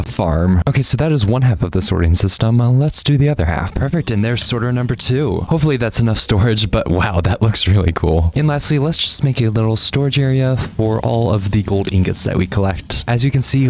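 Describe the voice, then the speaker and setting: A man's voice: on the low side, slight background noise. Cheerful man narrating his game. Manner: upbeat and chatty, talks to viewers and to animals in the game. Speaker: gaming channel host. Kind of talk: casual game commentary.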